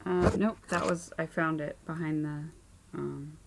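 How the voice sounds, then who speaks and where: Low gravelly-voiced tired mom knitter. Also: female voice, steady tone, a little slow, heavy background noise. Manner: chatty, many ums, low-key and tired. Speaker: knitting podcast host. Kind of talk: casual chat. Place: home craft room and playroom.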